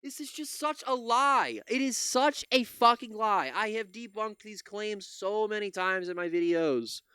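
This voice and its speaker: A man's voice: high-pitched, a little slow, sharp tone, clean tone, no room sound. A man hosting his own channel, reacting to a clip with profane, exasperated ranting. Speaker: commentary channel host. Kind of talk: angry reaction commentary.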